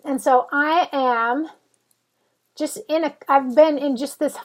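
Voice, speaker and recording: A woman with a fairly high voice tells a story to her vlog audience. Her talk is chatty and rambling, with self-mocking asides, and she is worn down by back pain. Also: fairly even intonation, slow pace. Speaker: vlogger.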